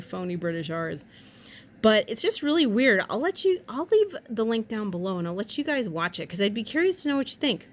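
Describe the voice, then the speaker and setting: A woman's voice: mid-range voice, very animated, normal speed, slight background noise. A woman vlogger in casual chat, rambling from one tangent to the next with wry jokes and the odd swear word.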